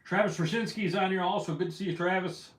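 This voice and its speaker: Fishing stream guy at home, kinda high voice, bit winded, roomy echo. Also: fairly even intonation, fast. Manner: chatty, greeting viewers by name. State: a little out of breath. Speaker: fishing livestream host. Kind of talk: casual livestream chat. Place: at home indoors.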